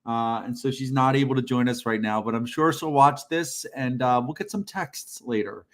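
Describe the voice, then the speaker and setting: On a job-search livestream, a male co-host speaks casually and bluntly at a moderate pace, with a medium-pitched voice. He's direct, calls himself a band-aid ripper, and says plainly what he thinks people need to hear.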